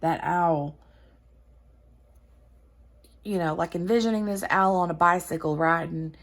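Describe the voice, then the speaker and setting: Woman host, relaxed craft-chat tone, unhurried, rambling storyteller. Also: fairly low pitch. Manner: rambling storyteller, many fillers and restarts. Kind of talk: casual chat while crafting.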